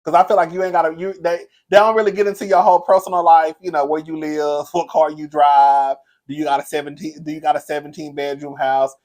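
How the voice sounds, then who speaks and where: A man's voice: a little high, level tone, quick pace, few pauses, a little mellow. A man hosting a casual live stream, chatty and campy, laughing often, grieving a loss. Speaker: commentary channel host.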